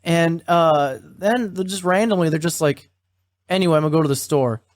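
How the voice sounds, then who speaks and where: A man co-hosting a podcast, casually recapping a story and quoting its characters in a flat, offhand way, swearing now and then. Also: on the high side, moderate pace, dry recording, studio quality. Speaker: podcast co-host.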